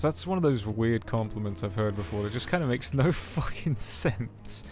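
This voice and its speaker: A man's voice: mid-range voice, expressive, moderate pace, faint music behind. A man streaming a game, chatting casually in a sweary, joking way. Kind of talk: casual gameplay commentary.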